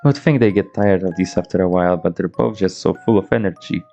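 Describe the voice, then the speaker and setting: A man's voice: low-pitched, fast talker, warm tone, highs cut off, soft background music. A man in his twenties streaming a game, chatting loosely with restarts and laughs, reading the on-screen dialogue in his own voice. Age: 20s. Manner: rambling, stammering restarts, swears, laughs often. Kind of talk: casual gameplay commentary, reading dialogue aloud. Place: home room, playing on a laptop.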